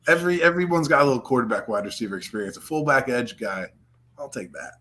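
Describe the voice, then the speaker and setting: A man talks football on a live stream in relaxed, joking banter. His voice is mid-pitched. A faint hiss of noise sits behind him. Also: fast. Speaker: guest co-host. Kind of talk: casual football chat.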